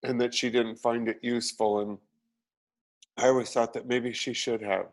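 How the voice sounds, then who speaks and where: A man, an actor as a guest, chatting casually and telling animated, self-deprecating stories. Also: medium pitch, normal speed. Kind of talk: casual chat.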